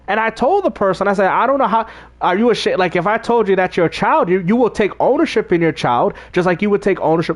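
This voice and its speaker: Fast and animated, this man's high voice carries a casual livestream as he plays a game and addresses his chat. His tone is emphatic, even preachy, typical of a gaming streamer.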